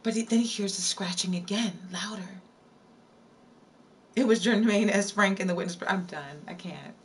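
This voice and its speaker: A woman's voice: mid-range voice, moderate pace. A woman live streamer telling a spooky story in a casual way, repeating lines and breaking off to answer her chat. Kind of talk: storytelling on a livestream.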